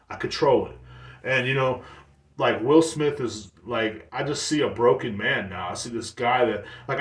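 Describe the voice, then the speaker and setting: Male podcast host, solo rant; loose and profane with constant fillers, medium voice, echoey room. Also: mid-range voice. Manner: profane, rambling, heavy on "like" fillers.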